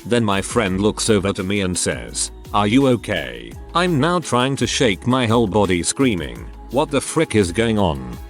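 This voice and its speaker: A man with a lowish voice reads out stories in a lively, animated way. His pitch rises and falls freely as he narrates. Faint music plays softly underneath. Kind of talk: scripted story narration.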